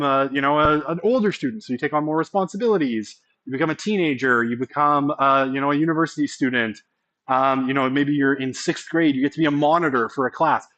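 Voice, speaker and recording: A man's voice: medium pitch, a bit bright, dull audio. Man lecturing casually, asking "right?". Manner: conversational, often checks in with "right?". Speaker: college sociology instructor.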